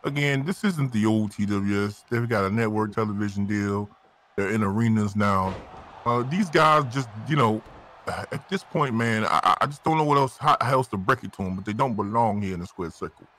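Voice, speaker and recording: A man's voice: fairly low pitch, moderate pace, a bit bright, slight background noise. A man doing color commentary for wrestling, ranting in theatrical trash talk.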